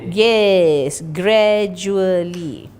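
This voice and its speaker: A woman teaching an English class, lively and questioning, explaining words and their pronunciation. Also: medium pitch, very slow.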